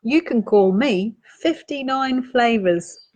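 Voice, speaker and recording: A woman with a New Zealand accent reading a children's picture book aloud, gently asking young listeners questions as she goes. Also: medium pitch, lively intonation, measured pace, dull audio. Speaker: storytime reader.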